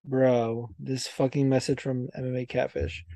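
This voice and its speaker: Speaking at normal speed with a medium-pitched voice, this young podcast host chats casually and tells stories, swearing a great deal along the way. The recording is dry.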